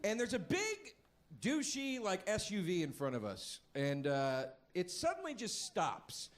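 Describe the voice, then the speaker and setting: A man doing a stand-up routine, telling a story animatedly and jumping into high yelling voices. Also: huge pitch swings, measured pace. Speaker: stand-up comedian.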